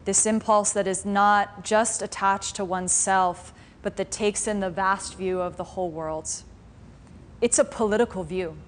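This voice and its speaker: A woman's voice: mid-range voice, steady tone, measured pace. A woman meditation teacher telling a story and teaching a live class in a reflective, conversational way. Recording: faint room noise from a live stream.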